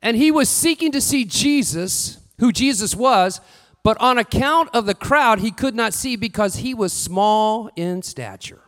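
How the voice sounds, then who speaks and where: A man preaching a sermon with lively delivery, rising to shouts and acting out what the figures say. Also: high-pitched, unhurried. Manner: animated, shouting at peaks, acting out quotes. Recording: long hall reverb.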